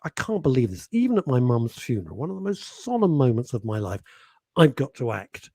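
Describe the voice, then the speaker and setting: Husky guy on radio telling a funny story, voice jumps all over, dry studio sound. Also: mid-range voice, a little fast, no echo. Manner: animated, laughing storyteller. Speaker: radio presenter. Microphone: studio microphone.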